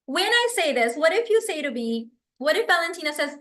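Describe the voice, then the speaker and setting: A woman hosts a live stream in a high, bright voice, reading viewer comments aloud and answering them with effusive, animated energy. Her voice rings a little in an echoey room. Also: brisk. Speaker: livestream host and business coach.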